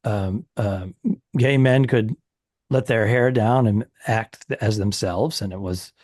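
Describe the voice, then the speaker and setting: A middle-aged man co-hosting a comedy podcast, chatting in a relaxed, reminiscing way with fillers. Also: fairly low pitch, takes it slowly, dry recording, studio quality. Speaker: podcast co-host. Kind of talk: casual chat.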